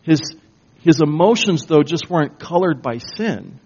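A man preaching a sermon as pastor, slow and emphatic, building to intense bursts. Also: fairly high pitch, lively intonation, a little mellow, breathy edge. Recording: dull lo-fi recording.

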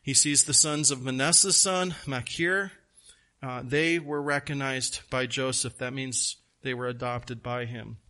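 A pastor preaching a sermon, slowing down to stress key words, with folksy asides. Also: male voice, medium pitch, steady tone, sharp tone.

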